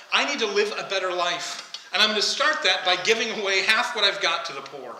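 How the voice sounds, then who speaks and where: A man's voice: high voice, sharp tone. A man preaching a conversational sermon, often asking the congregation questions. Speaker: pastor. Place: church sanctuary. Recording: echoey church hall, faint ambience.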